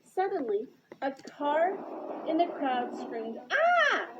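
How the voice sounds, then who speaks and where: A woman with a high-pitched voice and lively intonation reads a children's novelization aloud, a little slowly and with expression, occasionally slipping and restarting. This storybook read-aloud has background noise and sounds dull and lo-fi under loud music.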